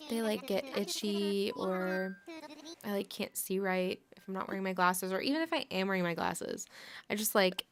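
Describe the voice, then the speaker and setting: A woman's voice: medium pitch, moderate pace, a little hiss or hum. A woman in her late twenties hosting a livestream, chatting casually and rambling while she plays, often filling her sentences with "like". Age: late 20s. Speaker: livestream host. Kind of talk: casual chat while gaming.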